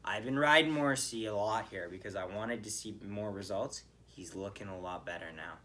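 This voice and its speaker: A man with a bright, forceful voice talks through a hockey game on his podcast. He rants and swears in animated bursts, then settles back into casual chat. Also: fairly low pitch, brisk. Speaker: podcast host. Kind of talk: solo hockey game reaction.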